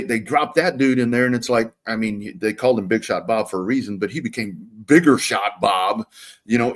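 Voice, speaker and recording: A man co-hosting a live sports talk stream, relaxed and rambling as he talks. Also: fairly low pitch. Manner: relaxed and rambling, with many restarts. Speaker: sports talk show co-host.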